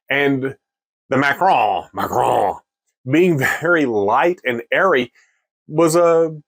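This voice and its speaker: A man hosting a casual beer-tasting video, chatty and joking about his own pronunciation. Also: fairly high pitch. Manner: chatty, self-mocking, lively. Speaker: beer reviewer, video host.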